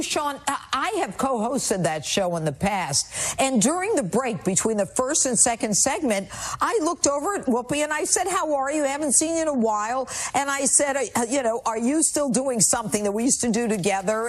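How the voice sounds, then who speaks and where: A woman's voice: sits high, big pitch swings, moderate pace, few pauses. A woman guest in a TV news interview, telling her story in an indignant, emphatic way. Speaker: TV guest, former judge.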